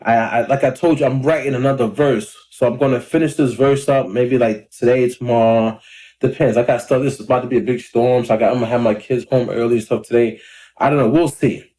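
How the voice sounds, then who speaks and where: Man, 30s, casual vlog, laid-back rambling, slightly hoarse, mellow low-key voice. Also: steady tone, a little fast. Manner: laid-back, rambling, clears his throat often. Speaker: independent rapper and vlogger. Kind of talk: casual talking-to-camera vlog. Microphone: camera or phone mic.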